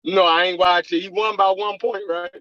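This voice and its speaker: A man's voice: high voice, steady tone, moderate pace, pushed and bright. A man in a casual video call chat, talking in a friendly way and asking a lot of questions. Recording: muffled lo-fi call with faint guitar music.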